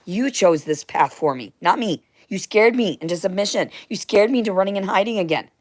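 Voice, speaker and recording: A young woman in a rambling, emotional monologue, blunt and profane, jumping between loud outbursts and hushed whispers. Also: medium pitch, animated, a little fast, no echo, studio quality. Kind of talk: rambling monologue to unseen listeners.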